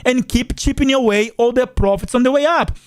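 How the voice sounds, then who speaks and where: A man's voice: very high-pitched, fairly quick, smooth, no echo, clean studio sound. A man who is not a native English speaker, hosting a finance channel and chatting casually through viewer comments, repeating himself and often calling his viewers "guys". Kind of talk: casual livestream chat reading comments.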